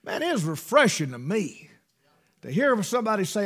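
A preacher man in the middle of his sermon, his voice pitched high for a man and leaping all over the place. He swings from loud, fervent bursts down to hushed asides. He sounds middle-aged. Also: big pitch swings, moderate pace.

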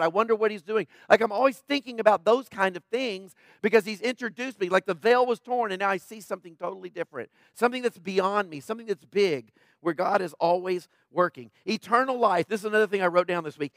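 A man's voice: high voice, a bit bright, no room sound. A man preaching a sermon in a conversational way, often checking in with the congregation with asides. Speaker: pastor.

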